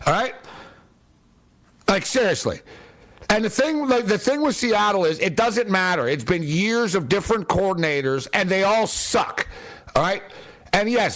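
A man's voice: high voice, a bit bright. A man delivering a sarcastic, exasperated solo rant about his football team's coaching and play calling. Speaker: sports commentator. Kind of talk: opinionated sports rant.

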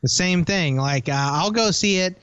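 A man's voice: high-pitched, moderate pace, a bit bright, clean tone, dry recording. A man co-hosting a podcast in casual banter, teasing and blunt. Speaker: podcast co-host. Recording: dull lo-fi sound.

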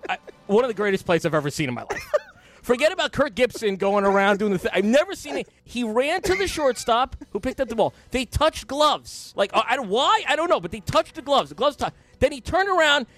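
A man hosting a sports radio show, telling funny stories in an animated way, laughing and shouting at the big moments. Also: very high voice, fairly quick. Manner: excitable storyteller, laughs at his own stories, shouts at the peaks. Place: radio studio.

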